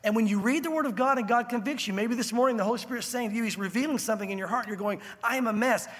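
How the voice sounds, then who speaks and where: Casting: male pastor, very high-pitched, husky, lively storytelling sermon in a church with a long reverb tail. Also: rapid-fire. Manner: animated storytelling, acting out voices in the scene.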